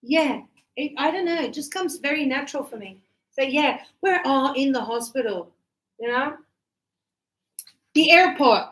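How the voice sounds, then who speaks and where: A woman's voice: high-pitched, expressive, measured pace, pauses often, fairly bright tone, rough recording. A woman teaching an English grammar class, chatting loosely and telling stories from her own life. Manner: chatty, tells anecdotes, repeats words. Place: classroom in Sydney.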